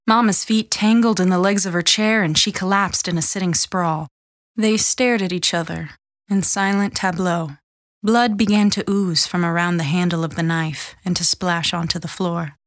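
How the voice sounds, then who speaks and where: A woman narrating a novel in a measured, even storytelling manner. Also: on the low side, dry recording, studio quality. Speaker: audiobook narrator. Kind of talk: scripted narration.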